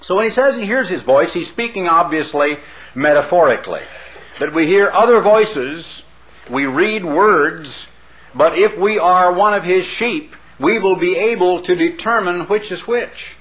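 A man's voice: sits high, animated, normal speed, fairly bright tone. A man preaching a sermon, mixing scripture with folksy asides and pointed questions to the congregation. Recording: dull lo-fi recording.

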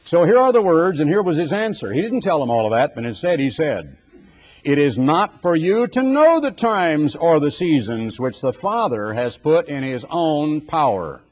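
An older man preaching a dramatic sermon, building forceful rhetorical lists. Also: fairly high pitch, big pitch swings, normal speed.

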